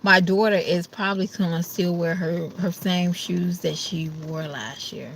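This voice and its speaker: A woman's voice: lowish voice, steady tone, unhurried, creaky, slight background noise. A woman chatting casually to her viewers, sleepy and ready for bed, acting out her family's voices now and then. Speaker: vlogger. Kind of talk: casual chat to camera.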